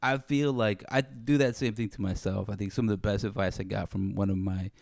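A man's voice: fairly low pitch, fairly even intonation, fairly quick, vocal fry, darkish tone, no echo, studio quality. A man in casual podcast chat, ranting and acting out both sides of an argument as he talks. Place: studio under bright lights.

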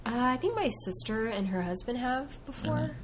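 A woman guest on a podcast, sick with a cold, giving quiet, brief answers in casual chat. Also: fairly high pitch, big pitch swings, normal speed, over a noisy crowd.

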